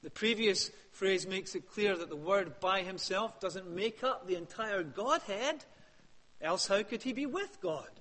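A man preaching a sermon, emphatic, rising to loud peaks and dropping to hushed questions. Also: high voice, animated, measured pace. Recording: long hall reverb.

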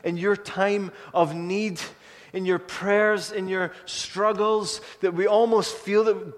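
A man preaching a sermon, earnest, building to urgent pleading and then falling soft and low. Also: steady tone, slow, few pauses. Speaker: pastor. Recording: long hall reverb.

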